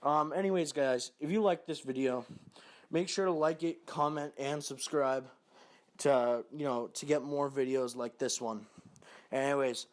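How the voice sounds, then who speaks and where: A man's voice: medium pitch, a little slow. A young man telling a personal story to camera, casual and profane, full of fillers and asides. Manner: profane, rambling, lots of fillers. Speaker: vlogger.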